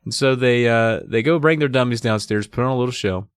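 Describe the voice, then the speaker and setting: A man's voice: medium pitch, brisk, smooth, dry recording, studio quality. A man hosting a casual book discussion podcast, retelling the story and reading excerpts aloud. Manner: reads excerpts aloud, lively voices for characters. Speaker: podcast host.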